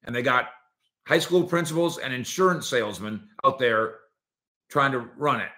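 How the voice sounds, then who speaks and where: A man hosting a sports opinion show, talking in an animated, sarcastic way and acting out quotes from players and coaches. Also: mid-range voice, normal speed.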